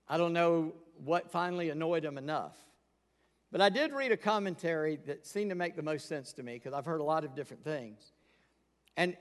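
A man preaching a sermon from the pulpit, candid and emphatic. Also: a little high. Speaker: pastor. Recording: long hall reverb.

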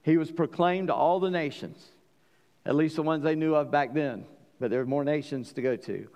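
A man preaching a sermon as pastor, emphatic, swinging between loud declarations and quiet asides, asking the congregation questions. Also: on the high side, normal speed, in a large hall. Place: church.

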